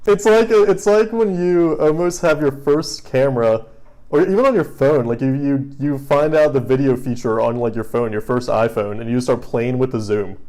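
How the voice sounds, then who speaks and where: Male co-host, warm dark tone, relaxed, joking delivery. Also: mid-range voice, moderate pace. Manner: laid-back, joking, filler-heavy. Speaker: podcast co-host. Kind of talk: casual movie chat.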